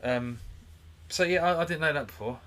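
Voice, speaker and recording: A man's voice: fairly high pitch, moderate pace, sharp tone. A young man co-hosting a casual podcast, easygoing and rambling, swearing now and then. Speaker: podcast co-host. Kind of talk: casual banter.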